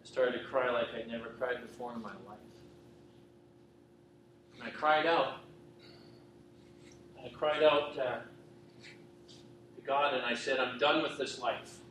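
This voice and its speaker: A man's voice: medium pitch, flat delivery, a little slow, long pauses, a bit bright. A middle-aged man, a pastor, giving an earnest personal testimony sermon, often checking in with the listeners. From western Canada. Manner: earnest, repetitive, asks listeners "right?". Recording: echoey hall from far off, faint noise.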